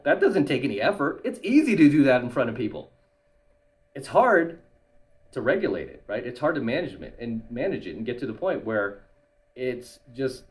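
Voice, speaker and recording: A man in a mid-pitched, ordinary voice delivers a blunt, casual monologue to camera as a YouTuber and coach. He keeps checking in with a quick "right?" after his points. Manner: blunt, tags lines with "right?".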